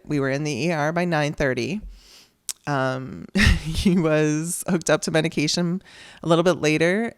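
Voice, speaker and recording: A woman with a low voice hosts her own podcast, recorded in studio quality with no room sound. She shares a personal story candidly and conversationally, acting out the dialogue she quotes.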